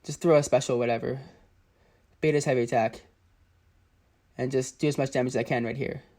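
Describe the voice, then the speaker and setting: A man's voice: medium pitch, steady tone, brisk, darkish tone. A man giving casual play-by-play commentary over his own mobile game footage, often exasperated. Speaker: gaming channel host.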